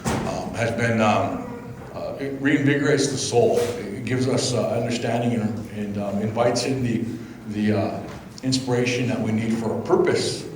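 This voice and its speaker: A man giving an informal welcome speech as a tribal chairman. He speaks off the mic, in a halting and reflective way with many fillers. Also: on the low side. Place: indoor event hall. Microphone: speaking without the mic. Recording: very echoey hall, faint background hum.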